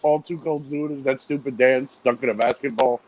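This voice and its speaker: A man's voice: medium pitch, fairly even intonation, fairly quick, darkish tone, a little hiss or hum, rough recording. A man chatting casually as a podcast guest, joking around. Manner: jokey and laughing. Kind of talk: casual chat.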